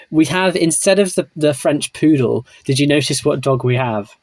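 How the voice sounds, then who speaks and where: A man co-hosting a podcast, chatting casually and retelling scenes with a wry, measured manner. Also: on the high side, a little mellow, dry recording. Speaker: podcast co-host. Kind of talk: casual chat recapping a TV series.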